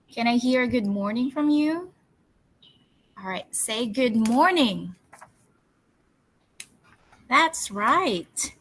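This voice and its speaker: A woman English teacher leading a storytelling lesson for children, coaxing them with cheerful questions and slow call-and-response word drills. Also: on the high side, sharp tone, rough recording.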